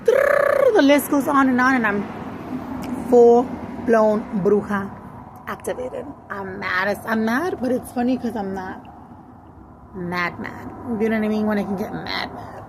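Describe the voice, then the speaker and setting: A woman's voice: on the high side, brisk, hardly any pauses, noisy background. A woman venting bluntly in a casual monologue, cursing and switching into Spanish. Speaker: vlogger.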